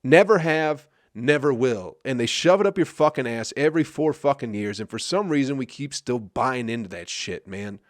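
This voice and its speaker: On his comedy podcast, the Flint, Michigan host delivers a cursing rant, repeatedly throwing out "you know what I mean, people?" His mid-range voice moves at a moderate pace with hardly any pauses, captured in a dry, clean studio recording.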